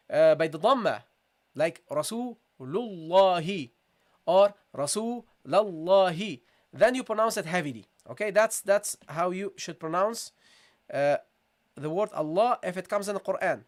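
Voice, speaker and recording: A man teaching a live online recitation lesson, patiently repeating questions to viewers and modelling sounds slowly. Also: high-pitched, animated.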